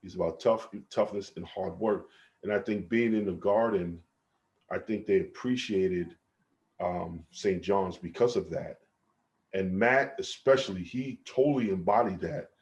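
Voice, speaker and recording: A man's voice: sits low, measured pace, a little mellow, muffled recording. A man, a former college basketball player, telling stories on a podcast video call, laughing often and acting out his coaches. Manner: laughs often, acts out coaches' voices with energy. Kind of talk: casual storytelling on a video call.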